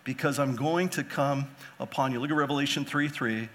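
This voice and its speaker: Bright-voiced preacher, man. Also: medium pitch, brisk. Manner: impassioned, swings between quiet and loud emphasis; acts out biblical figures in casual modern speech. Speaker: pastor. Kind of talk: sermon.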